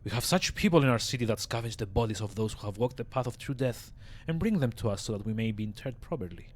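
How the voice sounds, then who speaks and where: A frail, ancient keeper of the dead speaks in a raspy, hushed rasp, put on by a man reading a game aloud. His words come slow and grave, weighed down by weariness. The voice sits low and quiet. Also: lively intonation, lightly acted. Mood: grim. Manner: slow solemn speech broken by coughing rasp. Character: frail ancient male mortuary scribe, grave and weary.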